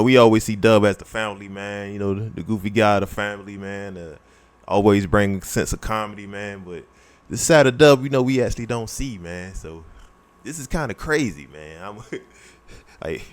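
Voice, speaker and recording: A man hosting a reaction video, talking in loose, slangy casual commentary and filling with "man.". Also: fairly low pitch. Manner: laid-back slangy talk, fills with "man". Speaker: reaction host.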